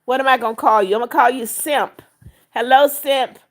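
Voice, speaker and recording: A woman's voice: sits high, steady tone, brisk. Older woman hosting a chatty live stream. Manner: reads viewer comments aloud, warm greetings, firm with rule breakers. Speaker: livestream host. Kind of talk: live chat reading.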